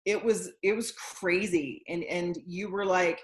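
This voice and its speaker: A woman's voice: lowish voice, steady tone, measured pace, hardly any pauses. A woman guest who runs a yoga studio, explaining things earnestly in a casual interview. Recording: echoey room.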